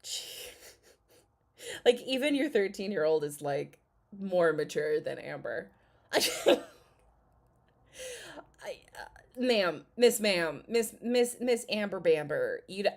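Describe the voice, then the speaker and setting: A commentary vlogger in her thirties chats casually as she reacts to a video, blunt and sarcastic, swearing and laughing a lot. Her medium-pitched voice has a sing-song, slightly mellow quality, and she takes her time.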